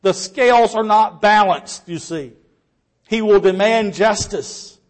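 A man preaching a sermon earnestly, with rhetorical questions and quiet trailing endings. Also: sits high, slow pace.

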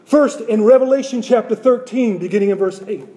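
A man's voice: very high-pitched, brisk, mellow. A man preaching a sermon to his congregation, repeating phrases and asking rhetorical questions.

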